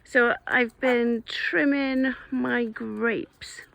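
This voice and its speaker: Slow, gravelly woman outdoors. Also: fairly even intonation, a bit bright, dry recording, dull audio. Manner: chatty, teasing the geese in a high singsong. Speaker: smallholder vlogger. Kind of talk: casual chat to animals and camera. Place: outdoors in a garden with geese. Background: geese honking.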